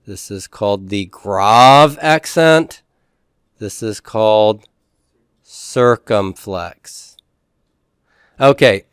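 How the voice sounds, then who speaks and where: A man teaching a classroom lecture in a relaxed way, with frequent fillers and restarts. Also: medium pitch, clean tone, dry recording, studio quality.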